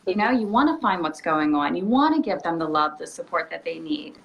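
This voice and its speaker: A woman who works as an energy healer, a guest in a casual conversation, telling stories in an animated way and laughing often. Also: lowish voice, brisk, gravelly, lo-fi sound.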